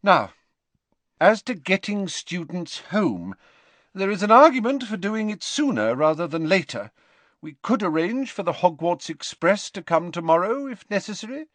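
Man voicing a stern, brisk old headmistress. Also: high-pitched, very animated, a bit bright, dry recording, voice pushed up. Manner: brisk, clipped.

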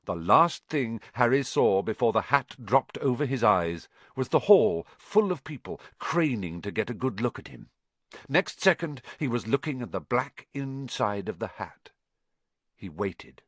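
With a measured pace, a man voices an audiobook in a highly expressive, animated style, his pitch moving up and down a great deal. The recording is close and dry, with no echo or room sound.

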